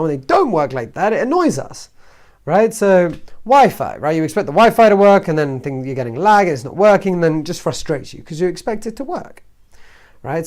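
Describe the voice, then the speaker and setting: A man's voice: fairly high pitch, darkish tone. A man talking casually to camera as a self-help vlogger, telling a story and often checking in with "right?". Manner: chatty, keeps asking "right?".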